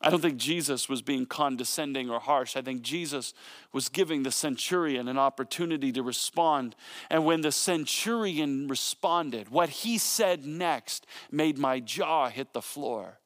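A man's voice: medium pitch, measured pace, a bit bright. A man preaching a sermon, retelling a story with dramatic emphasis and acting out the speakers' lines. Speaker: pastor.

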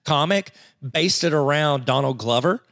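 A man's voice: a little high, moderate pace, creaky, fairly bright tone, no room sound, studio quality. A man co-hosting a casual movie chat, enthusiastic and rambling through film trivia. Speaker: podcast co-host.

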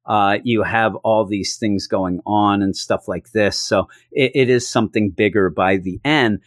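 A man casually recapping a comic book issue, chatting loosely and acting out the characters in quick put-on voices. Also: fairly low pitch, no echo, clean studio sound.

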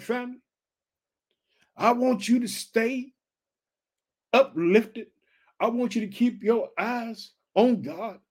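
Man, high-pitched, podcast preacher, excited repeated call-outs. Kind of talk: energetic motivational sermon.

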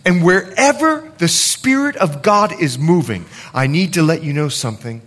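Man, pastor, sermon, lively pitch, slightly high voice, jokey asides. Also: moderate pace, hardly any pauses. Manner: animated preaching with jokes and asides.

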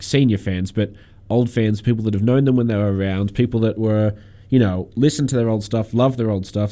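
A man's voice: lowish voice, warm tone. A young man co-hosting a casual radio music show, giving long opinionated takes. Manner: opinionated, talks at length. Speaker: radio co-host.

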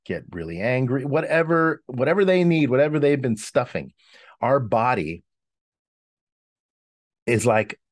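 A man talks through what breathwork does to people, pausing and restarting as he reflects. His voice sits on the low side for a man. The sound is dry and close, with little room around it. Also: no echo. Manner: reflective, explanatory, frequent restarts. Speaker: breathwork facilitator. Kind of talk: casual podcast conversation.

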